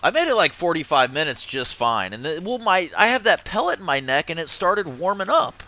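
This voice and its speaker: A man chatting casually on a livestream, rambling and swearing, with sudden loud outbursts. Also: fairly high pitch, sing-song, a little fast, highs cut off. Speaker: streamer.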